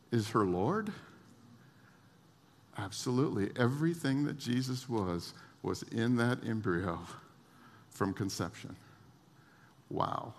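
A man preaching a lively sermon to his congregation, with laughs and asides. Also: mid-range voice, big-room sound. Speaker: pastor.

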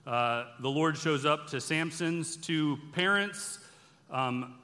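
A man giving an animated sermon-style bible teaching, telling the stories casually and acting out the characters' lines. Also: on the high side, takes it slowly. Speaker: preacher. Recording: long reverb from a large hall.

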